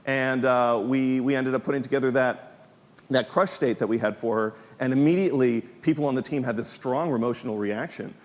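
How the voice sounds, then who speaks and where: A man rattles through a conference presentation at a brisk clip, dropping plenty of ums along the way. His mid-range voice carries a long reverb tail from a large hall. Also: medium pitch. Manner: fast, filler-heavy with frequent ums. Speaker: game developer giving a conference talk.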